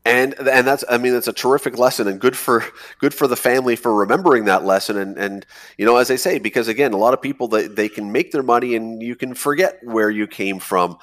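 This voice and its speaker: A man's voice: mid-range voice, brisk, fairly bright tone. A man hosting a morning radio show, chatty and emphatic, often repeating words as he starts a thought. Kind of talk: casual radio interview.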